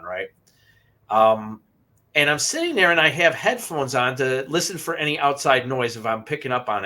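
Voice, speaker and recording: A man co-hosting a paranormal podcast, telling a personal story in a halting, emotional way and often repeating himself. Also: medium pitch, pushed and bright. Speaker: podcast co-host. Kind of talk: casual storytelling.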